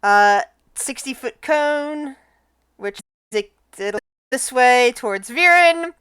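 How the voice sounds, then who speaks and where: Smooth-voiced woman running a tabletop game. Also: high voice, lively intonation, a bit bright, no echo. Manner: halting, with frequent restarts and laughs. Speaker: dungeon master.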